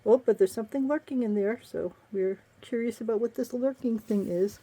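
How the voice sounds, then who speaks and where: A woman's voice: fairly high pitch, fairly quick, mellow, slight background noise. A woman and romance novelist giving a casual, sarcastic book review, laughing often.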